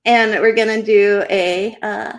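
A woman's voice: mid-range voice, steady tone, slow pace, slight background noise. A woman co-hosting a live podcast in casual chat, giggly and chatty, drifting off topic. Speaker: podcast co-host.

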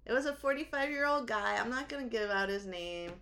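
A woman with a New England accent chats on a podcast, her voice bright and clear. She tells stories in an animated way and laughs often. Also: fairly high pitch, fairly quick. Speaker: podcast co-host. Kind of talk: casual podcast chat.

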